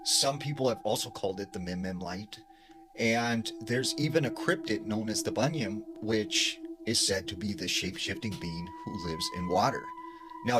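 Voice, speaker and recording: A man's voice: lowish voice, poor audio. A man narrating scary stories in a casual way, full of fillers, and dropping his voice when quoting people. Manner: casual, many fillers like "like" and "you know". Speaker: storyteller. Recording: music playing underneath.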